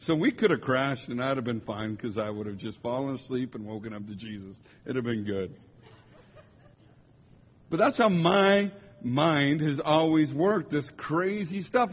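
A man, a musician, telling humorous stories to a congregation in an animated, jokey way, slipping into quick impressions. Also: a little high, breathy edge. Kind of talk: humorous storytelling talk. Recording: dull lo-fi sound in a large reverberant hall.

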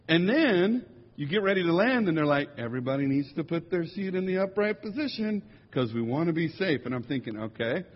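Husky man telling jokey stories in a hall. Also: on the high side. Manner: jokey, animated storytelling with impressions. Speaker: musician speaking to a congregation. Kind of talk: humorous storytelling talk. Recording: dull lo-fi sound in a large reverberant hall.

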